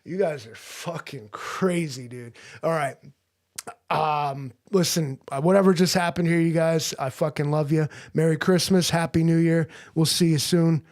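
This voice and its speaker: A man's voice: a little high, fairly even intonation, measured pace, darkish tone. A man rambling through an improvised comedy livestream, crude and loose, leaning on "like" and "you know".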